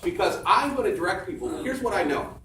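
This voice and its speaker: Emphatic high-voiced man speaking on stage. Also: animated, fairly quick, a bit bright. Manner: emphatic, punchy, repeats key phrases. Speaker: seminar speaker. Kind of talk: motivational sales talk on stage. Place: large room with audience. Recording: echoey room, far from mic, faint background noise.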